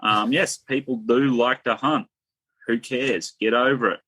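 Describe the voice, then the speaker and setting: A man's voice: medium pitch, steady tone, unhurried, bright, forceful tone, husky, no room sound, low-quality recording. A man talking bluntly and with strong opinions in a casual podcast chat, filling his talk with "and that". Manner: blunt, opinionated, drawling fillers. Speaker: podcast guest.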